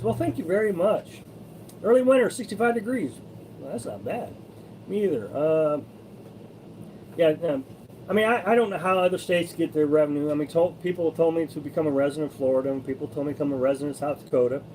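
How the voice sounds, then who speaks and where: A man from Missouri with a notably high-pitched voice talks casually on a live stream, reading out and answering comments from viewers. He rambles, stops and restarts his sentences, and shares his opinions freely. A faint layer of background noise sits under his voice. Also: lively intonation, quick pace, a little mellow, rough recording. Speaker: host of a live-streamed RV living channel.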